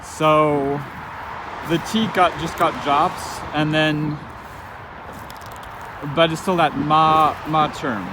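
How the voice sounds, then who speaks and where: A man giving an informal spoken lesson, thinking aloud as he goes, with halting restarts and frequent fillers. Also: on the high side, fairly even intonation, background noise. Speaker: language teacher.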